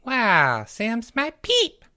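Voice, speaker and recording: A woman's voice: a little high, huge pitch swings, drawn-out words, bright, forceful tone, exaggerated voice. Woman doing a goofy stammering boy podcaster. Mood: silly. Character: goofy boastful young male podcaster who denies crying. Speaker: podcast co-host. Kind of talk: comedic podcast banter.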